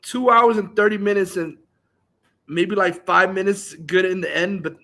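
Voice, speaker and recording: A man's voice: sits high, normal speed, sharp tone. A man hosting a live stream, ranting angrily and with lots of swearing while he reacts to a film review. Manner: angry, profane, ranting.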